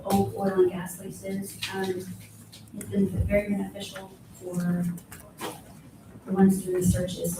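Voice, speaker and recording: A woman's voice: on the low side, heavy background noise. Woman in an echoey meeting room. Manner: plainspoken, matter-of-fact, self-correcting. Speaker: county clerk. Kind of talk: budget presentation at a public meeting. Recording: very echoey room from a distant mic.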